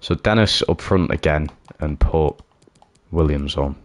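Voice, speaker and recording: Brief: deep-voiced man, excitable gameplay commentary. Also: a little slow. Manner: excitable, swings from cheering to groaning. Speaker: gaming YouTuber.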